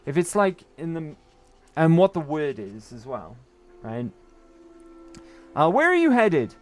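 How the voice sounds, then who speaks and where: A man's voice: fairly high pitch, sing-song, measured pace, faint music behind. A young British man streaming a game, chatting in a rambling way and often tagging on "right?". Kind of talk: casual gaming chat.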